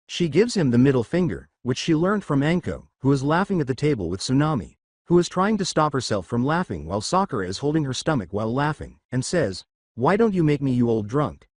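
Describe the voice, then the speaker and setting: A man reading scripted fan-fiction narration in an even way. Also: mid-range voice, a little fast, dry recording, clean studio sound.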